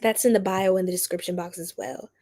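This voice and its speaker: A woman's voice: lowish voice, fairly even intonation, fairly quick, a little mellow. A woman hosting a casual live stream, greeting viewers by name and laughing often. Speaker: tarot reader and live stream host.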